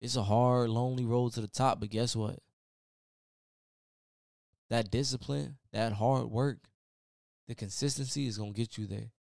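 A man's voice: mid-range voice, steady tone, normal speed, creaky, long pauses, a little mellow, dry recording, clean studio sound. A man hosting his own podcast, giving a casual, preachy motivational talk full of repeated "man" and "y'all.". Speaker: podcast host. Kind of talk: motivational solo podcast rant.

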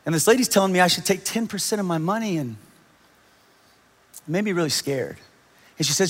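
A man in his thirties preaching a sermon, telling his own story with animated quoted voices. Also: fairly high pitch, fairly quick, pauses often. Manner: animated storytelling, quoting others in raised voices. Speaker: pastor. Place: large church hall. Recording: long hall reverb.

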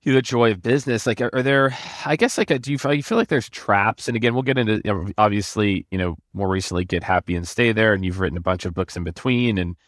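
Rambling man host, lowish voice. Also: quick pace, hardly any pauses, fairly bright tone, no echo, clean studio sound. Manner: rambling questions full of fillers and restarts. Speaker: podcast host. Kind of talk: casual interview questions.

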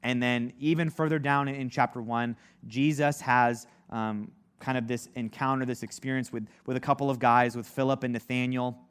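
A man's voice: medium pitch, fairly even intonation, moderate pace, few pauses, clear, resonant tone. A man teaching a casual Bible lesson, talking conversationally with lots of "like" and acting out the people in the story. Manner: conversational, heavy use of "like", acts out quoted voices. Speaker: preacher.

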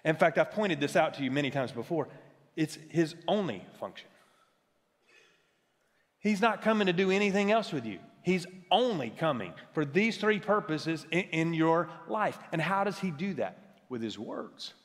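A man's voice: a little high, big pitch swings, moderate pace. Pastor, male. Delivers a sermon live from the pulpit, tenor-leaning voice with long church echo. Emphatic, stumbles over restarts. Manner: emphatic, checks in with the audience with "right?"; frequent stammered restarts. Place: large church worship center. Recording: long hall reverb from a church sanctuary.

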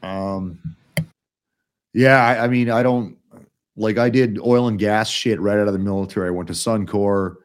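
A man's voice: lowish voice, fairly even intonation, moderate pace. A middle-aged man hosting a casual podcast, blunt and rambling, swearing often. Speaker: podcast host.

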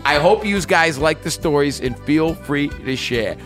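A man's voice: a little high, expressive, unhurried, a bit bright, faint music behind. A man voicing a brash, crude middle-aged woman from New Jersey, putting on a New Jersey accent and telling a story with joking asides. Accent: New Jersey, put on. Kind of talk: comic reading of a listener's story.

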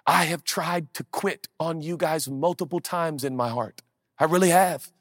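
A husky-voiced pastor in his forties delivers a sermon with playful asides. He swings from soft, hushed lines to sudden loud bursts. The sound is close and dry. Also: fairly high pitch, a little slow, dry recording. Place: large church auditorium.

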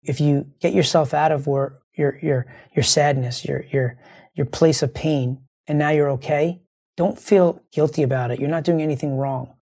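A man's voice: on the high side, fairly even intonation, moderate pace, creaky, darkish tone, breathy edge. A man hosting a show, speaking in an earnest, rambling monologue to his listeners while grieving and close to tears, often repeating himself. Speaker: show host.

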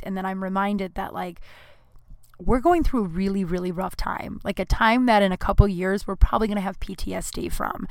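Young woman podcast host, smooth clear voice, dry close mic, chatty and profane. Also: medium pitch, brisk, no room sound. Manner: chatty, profane, self-deprecating. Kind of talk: casual solo podcast outro.

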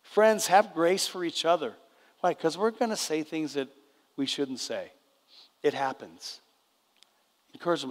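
A man's voice: a little high, sing-song, unhurried, long pauses. An older man giving a conversational sermon as a preacher, often checking in with the congregation. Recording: long reverb of a church hall.

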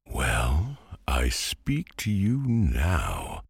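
A man's voice: extremely low pitch, wildly swooping pitch, drawn-out words, gravelly, breathy edge, no echo, heavily acted. A man voicing a cheery, bossy talking pumpkin in a storybook reading, speaking in a coaxing, persuasive way. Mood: reassuring.

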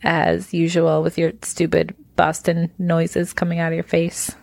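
Woman, young adult, podcast co-host, casual chat, teasing, somewhat low pitch, dry sound. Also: monotone, a little slow, gravelly, a little mellow, dry recording. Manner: teasing, laughs often. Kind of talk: casual movie-review chat.

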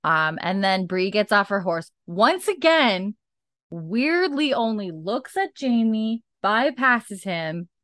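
A woman's voice: medium pitch, very animated, slow pace, a bit bright, no echo, clean studio sound. A woman hosting a podcast, recapping a TV episode in a chatty, rambling way full of "like" and "um". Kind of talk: casual chat.

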